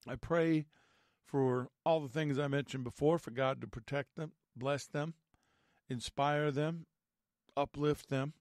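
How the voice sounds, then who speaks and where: Male host-teacher, slightly raspy from allergies, measured and earnest, dry close recording. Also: a little high, steady tone, darkish tone, no echo. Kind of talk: prayer and Bible teaching.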